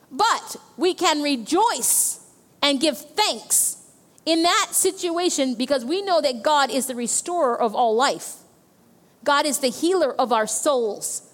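A woman's voice: high-pitched, fairly bright tone, long reverb tail. A woman pastor preaching a sermon, often checking in with the congregation with "okay" and "amen.". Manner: preaching with frequent "okay" and "amen" call-outs.

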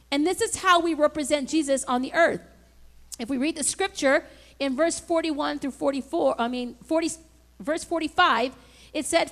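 A woman's voice: high-pitched, fairly bright tone. A woman pastor preaching a sermon in an emphatic, conversational way, asking the congregation for responses.

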